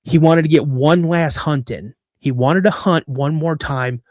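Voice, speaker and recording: Animated storyteller man in his fifties. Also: fairly high pitch, a little slow, no room sound, clean studio sound. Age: 50s. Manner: animated, acts out the voices in his stories. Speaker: podcast guest, cryptid researcher. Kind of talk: casual storytelling.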